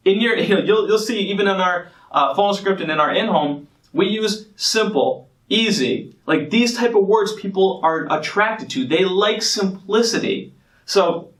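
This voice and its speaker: Guy coaching insurance sales, emphatic, kinda high voice, mic a bit far off. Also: expressive, moderate pace, fairly bright tone, roomy sound. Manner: confident, emphatic, acts out phone call snippets. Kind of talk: sales training talk.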